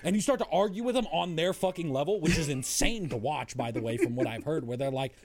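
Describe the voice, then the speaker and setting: A man's voice: a little high, darkish tone. A man co-hosting a podcast, telling rambling crude stories in casual chat. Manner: rapid rambling storytelling, crude. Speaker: podcast co-host.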